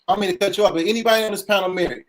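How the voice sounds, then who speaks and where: A man's voice: sits high, fairly even intonation, racing, poor audio. A man joining a talk panel over a glitchy remote call, speaking forthrightly about marriage. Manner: forthright, says he has been married a long time. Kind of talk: casual chat.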